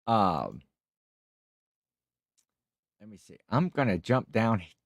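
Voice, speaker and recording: A man's voice: mid-range voice, darkish tone, no echo, clean studio sound. A man hosting a casual livestream chat, rambling through stories and reading out viewer comments. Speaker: livestream host.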